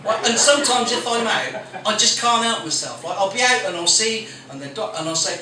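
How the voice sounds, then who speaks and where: A man's voice: sits high, a little fast, hardly any pauses, pushed and bright. A man hosting a small comedy night, telling crude, blunt stories with lots of swearing. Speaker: stand-up comedian and compere. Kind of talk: stand-up comedy set. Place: small coffee shop venue with live audience. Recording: very echoey room recorded from a distance with background noise.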